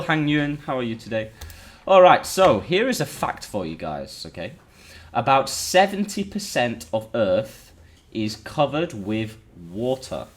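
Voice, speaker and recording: A man's voice: lowish voice, slight background noise. A man teaching a live online lesson, chatting with his students and greeting them by name as he explains.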